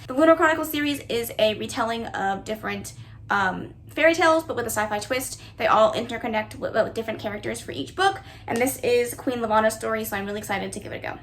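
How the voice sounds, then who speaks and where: A woman's voice: a little high, a bit bright. A young woman chatting casually and giggling as she narrates her own vlog at home. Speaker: booktuber. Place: bedroom with bookshelves, indoors.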